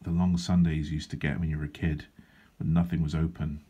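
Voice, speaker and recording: Deep-voiced man with dry rambling humour. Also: little pitch movement, fairly quick, dark tone, slightly rough. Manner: dry, self-deprecating humour with rambling asides. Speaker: comic artist. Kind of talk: casual drawing vlog chat. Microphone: handheld wobbling camera.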